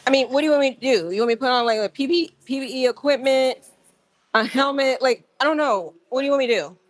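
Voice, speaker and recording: A woman chats live to her viewers from the gym, rambling and animated as she talks straight to them. Her voice sits a little high. The sound is dry and close, with no room echo. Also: fast talker. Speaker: livestream host. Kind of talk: casual live-stream chat.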